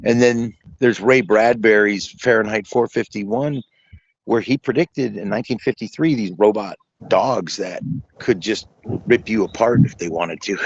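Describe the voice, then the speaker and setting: A man hosting a casual podcast chat, excitable and rambling, saying dude a lot. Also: fairly low pitch, normal speed. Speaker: podcast host, comic book publisher. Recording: dull lo-fi audio.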